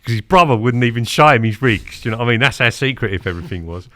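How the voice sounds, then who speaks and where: A man in his fifties, telling stories as a podcast guest in a lively, chatty way, acting out what people said. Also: medium pitch, very fast, no echo. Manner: animated, acts out quotes, keeps asking "do you know what I mean?". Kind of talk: casual storytelling interview.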